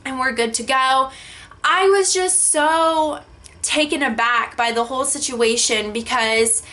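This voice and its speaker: A young woman vlogger tells a story to her camera in an animated, exasperated way, with frequent swearing and many filler "likes". Her voice sits high and sounds bright. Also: unhurried. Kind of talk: storytime vlog.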